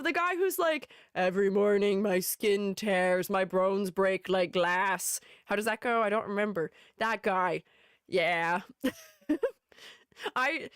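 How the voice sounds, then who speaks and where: A playful woman streamer chats casually into a close, dry microphone and giggles often. Her voice sits a little high and swings widely in pitch. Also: fairly bright tone, no room sound. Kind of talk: casual live-stream chat.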